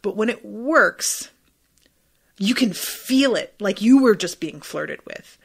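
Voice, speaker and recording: A young adult woman hosting a podcast, chatting excitedly about a TV episode, swearing freely and leaning on lots of "like" fillers. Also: medium pitch, slow, creaky, husky. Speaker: podcast host. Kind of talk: casual commentary on a TV episode.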